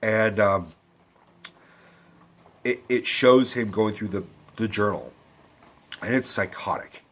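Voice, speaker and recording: Middle-aged male vlog host: low, husky, rambling, profane movie rant. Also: slow, pauses often, a bit bright. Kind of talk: ranting movie review.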